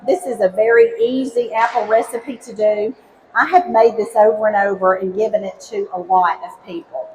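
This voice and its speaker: A middle-aged woman from Alabama with a Southern accent gives a cooking demo on stage. She is a former high school teacher and talks to the crowd in a cheerful, folksy, chatty way. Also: darkish tone, a little hiss or hum, rough recording. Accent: Southern American, Alabama. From Alabama, United States. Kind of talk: live cooking demo for an audience. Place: outdoor cooking stage with a live audience.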